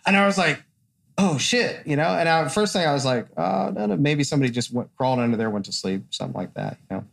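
A man's voice: mid-range voice, racing, creaky, fairly bright tone. A man, a tattoo artist and podcast host, telling a long story in casual, profane chat and acting out the people in it.

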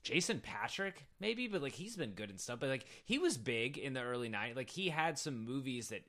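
A man's voice: mid-range voice, very animated, fairly quick, bright, forceful tone. A man co-hosting a casual podcast, talking in rambling sentences full of fillers. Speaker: podcast co-host. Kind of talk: casual chat.

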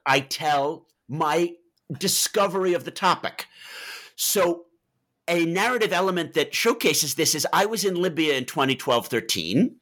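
A man's voice: fairly high pitch, a bit bright. A man being interviewed as an author, answering in a discursive way and telling anecdotes with dialogue.

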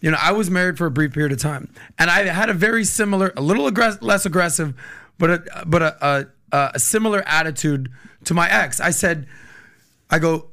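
A man hosting a podcast in casual conversation, animated and explaining his points through long examples. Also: fairly high pitch, a little fast. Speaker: podcast host.

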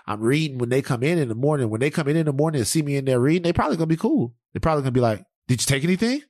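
Profane, animated podcast host man. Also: mid-range voice, very fast, no room sound, studio quality. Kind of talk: casual chat.

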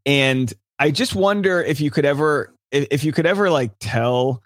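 A man's voice: on the high side, moderate pace, dry recording, clean studio sound. A man guesting on a casual recap chat, rambling with restarts and frequent laughs.

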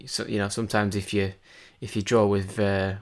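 Low-voiced man rambling about football. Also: level tone, moderate pace. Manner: rambling, many restarts and fillers. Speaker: podcast co-host. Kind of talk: casual football chat.

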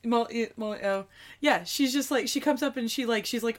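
A woman's voice: a little high, brisk. A woman in casual chat recapping a film, giggling often and acting out the characters in playful voices.

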